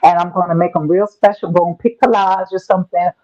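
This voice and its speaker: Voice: mid-range voice, steady tone, fast, dark tone, dull audio. A podcast guest chatting upbeat and emphatically about holiday plans. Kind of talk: casual comedic chat.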